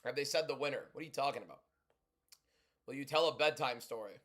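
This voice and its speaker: Loud, chatty young man on a livestream. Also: medium pitch, fast talker. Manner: loud, chatty, reads and answers chat. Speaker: livestream host. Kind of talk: casual livestream commentary.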